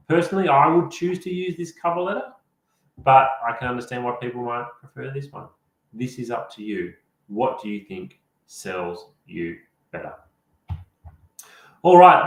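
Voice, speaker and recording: A man, a career coach presenting an online workshop, speaking directly and encouragingly to his audience. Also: medium pitch. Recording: roomy echo.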